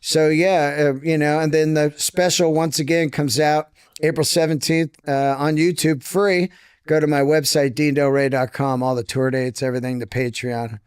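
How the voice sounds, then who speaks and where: Smooth-voiced, excitable male comedian guest. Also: fairly high pitch, normal speed, no echo, studio quality. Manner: enthusiastic, profane, plugs tour dates. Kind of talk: casual podcast chat.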